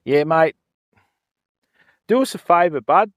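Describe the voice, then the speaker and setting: Older Aussie bloke, fishing streamer: chatty, high-pitched, clean voice, greets viewers outdoors by a river. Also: male voice, lively intonation, slow, dry recording, studio quality. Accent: Australian. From Australia. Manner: chatty, greets viewers, fills talk with "mate" and "you know". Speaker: fishing livestreamer. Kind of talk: casual livestream chat.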